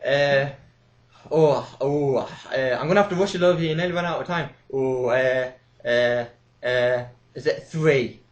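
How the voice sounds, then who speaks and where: A man's voice: mid-range voice, measured pace, echoey room, highs cut off, lightly acted. A young man putting on a flustered, rambling elderly woman phoning a radio show. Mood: fretful. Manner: muddled, fretful, repeats herself.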